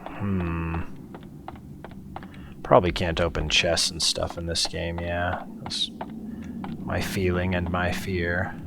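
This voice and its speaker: Deep-voiced man reacting to a horror game. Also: slow, creaky, pauses often, noisy background. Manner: excitable, swearing at scares. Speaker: let's play host. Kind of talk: gameplay commentary.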